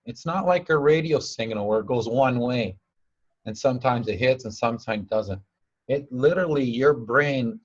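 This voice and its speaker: A man's voice: medium pitch, husky. Rambling man teaching, lo-fi sound. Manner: rambling, repeats himself, broken grammar; acts out quoted people in a raised voice. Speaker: spiritual teacher. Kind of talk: informal teaching talk with storytelling.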